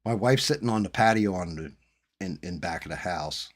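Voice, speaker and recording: A man hosting a stream, telling a profane, animated personal story in a casual chat. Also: sits low, moderate pace. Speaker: streamer host.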